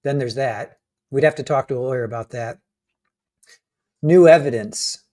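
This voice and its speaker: Male co-host, trial-commentary stream, halting delivery with frequent restarts. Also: medium pitch, darkish tone. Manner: hesitant, restarts often, chuckles while reading out legal points. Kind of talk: casual live commentary.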